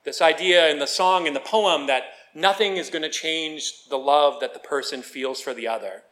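A pastor with a somewhat high voice delivers a sermon. He reads scripture in a measured, careful way. Then he turns chatty and playful, joking with his congregation. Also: fairly bright tone.

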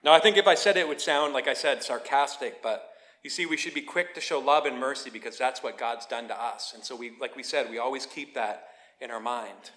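A man preaching a sermon, telling a lively story with playful asides and then teaching in a quieter, earnest way. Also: mid-range voice, fairly quick. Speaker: pastor.

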